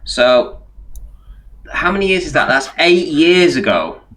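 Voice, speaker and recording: A man hosting a live stream debate in a teasing, sarcastic way, chuckling as he goes. His pitch rises and falls in a lively swing, and he is recorded on a home computer mic. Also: a little slow, a crowd in the background. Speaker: host of a live debate show.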